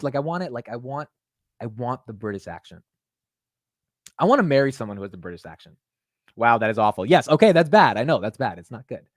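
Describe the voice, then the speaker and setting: A young man hosting a finance livestream, talking in an excitable, rambling way and calling his viewers bro and dude. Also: mid-range voice, brisk, long pauses, no room sound, clean studio sound. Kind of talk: casual live-stream chat.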